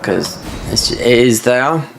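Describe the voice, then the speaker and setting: Gravelly guy rambling on while gaming, lots of ums, faint noise behind. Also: mid-range voice, slow pace, fairly bright tone. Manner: rambling, full of fillers and restarts. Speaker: gaming streamer. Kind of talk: casual chat while playing a game.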